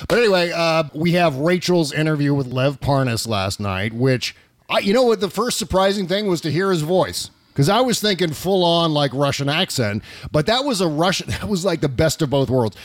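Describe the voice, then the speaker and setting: Lively-voiced man hosting a comedy talk show. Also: a little high, normal speed, no echo, clean studio sound. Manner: animated, wry, exaggerates for laughs. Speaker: radio show host. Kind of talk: casual political comedy talk.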